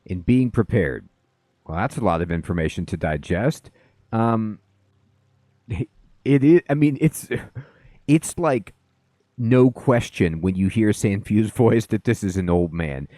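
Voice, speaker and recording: A man's voice: fairly low pitch, slow, pauses often, warm tone, no echo, studio quality. A man doing casual live commentary on a game, chatty and rambling, greeting viewers as he plays. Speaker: let's play streamer.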